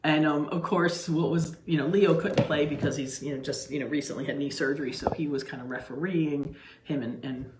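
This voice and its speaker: Talking to camera from her home kitchen, a middle-aged woman runs her own cooking channel in a relaxed, rambling way full of asides and restarts. Her voice sits low, there's background noise, and the room sounds echoey and spacious.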